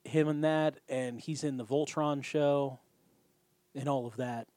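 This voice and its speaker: A man talking through a show recap in a loose, casual way, swearing freely as he goes. His voice sits at an ordinary middle pitch. It is recorded close and dry, with no room sound. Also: fairly even intonation, unhurried, darkish tone, no echo. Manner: swears freely, acts out scene dialogue. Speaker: podcast co-host.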